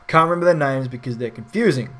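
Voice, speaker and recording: A man's voice: mid-range voice, fast, fairly bright tone. A man giving a casual spoken film review in a frustrated, ranting way with frequent swearing.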